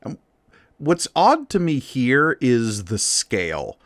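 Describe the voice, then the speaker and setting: A man's voice: mid-range voice, wildly swooping pitch, slow, dry recording, studio quality. A man co-hosting a podcast, talking casually and thoughtfully, with lots of "like" and "uh" as he works out his points. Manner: thoughtful, hedging with "like" and "uh". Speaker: podcast co-host. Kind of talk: casual comic-book discussion.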